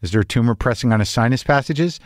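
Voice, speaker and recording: An older man rants in a neurotic, rambling way, swearing freely as he spins out a comedic monologue. His voice sits in an ordinary middle pitch, close to the mic in a dead, dry room. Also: quick pace, dry recording. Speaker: podcast host. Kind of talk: comedic monologue and casual conversation.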